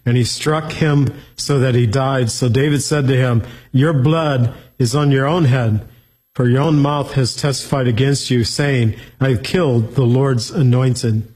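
Husky-voiced man teaching the Bible. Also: medium pitch, fairly even intonation, measured pace, darkish tone, poor audio. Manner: reads scripture aloud, then explains it plainly.

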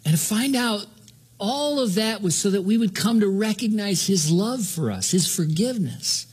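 An older man delivering a sermon, his voice somewhat husky and pitched a little high for a man. He preaches earnestly but conversationally, often restarting his sentences as he goes. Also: expressive, normal speed, darkish tone. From Southern California. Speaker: pastor.

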